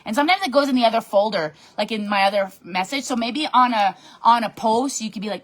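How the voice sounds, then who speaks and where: A woman leading her sales team in a bubbly, animated live-stream pep talk from her home office desk, reading and answering comments as she goes. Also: fairly high pitch, fast talker, few pauses. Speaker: direct sales team leader.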